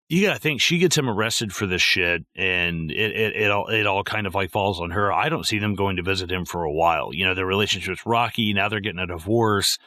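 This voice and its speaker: Man, casual film chat, bright tone, dead-dry sound, swears a lot, acts out scenes. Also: sits low, brisk, no echo. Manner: profane, animated, acts out film quotes. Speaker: podcast co-host. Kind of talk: casual movie discussion.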